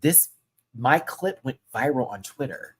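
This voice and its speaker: A husky-voiced man recaps a live show on his channel at a measured pace. He chats casually, leaning on slang and enthusing freely, and now and then jumps into a sudden high, excited exclamation.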